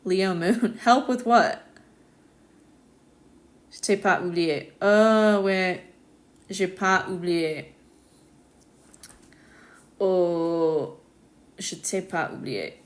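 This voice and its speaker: An American woman hosts a relaxed live stream from home, chatting with viewers at a slow, unhurried pace. She laughs easily and keeps the talk loose, and she sounds like she is speaking into her phone. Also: lowish voice. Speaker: astrologer hosting a live stream. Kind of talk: casual live-stream chat reading comments.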